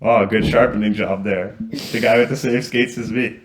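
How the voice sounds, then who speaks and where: A man's voice: fairly low pitch, moderate pace, slight background noise. A young man co-hosting a casual sibling podcast, telling jokey stories. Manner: joking, lively storyteller. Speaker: podcast co-host.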